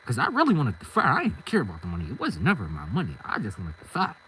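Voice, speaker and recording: A man's voice: mid-range voice, quick pace, a little hiss or hum, poor audio. A young man telling a casual storytime monologue in slangy street talk, acting out every side of the conversation. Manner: animated, slangy, acts out both sides of conversations.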